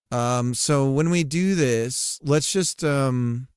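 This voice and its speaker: A man's voice: medium pitch, animated, measured pace, few pauses, clean tone, no room sound, studio quality. A man streaming casually while coding, loose and joking, talking to his chat and swearing now and then.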